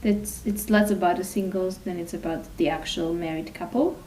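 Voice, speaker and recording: A woman's voice: fairly low pitch, steady tone, normal speed, dark tone, recorded from a distance, a little hiss or hum, low-quality recording. Reflective Eastern European woman co-host. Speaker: podcast co-host. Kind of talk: casual podcast chat.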